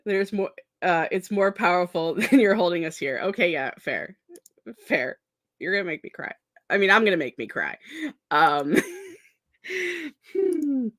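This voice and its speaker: A woman's voice: mid-range voice, very animated, a little slow, pauses often, fairly bright tone, dry recording, clean studio sound. A sleep-deprived young woman rambling and laughing as she chats with viewers on a live stream. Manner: rambling, scattered, self-deprecating, laughs often. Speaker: streamer hosting a productivity stream. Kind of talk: casual live-stream chat.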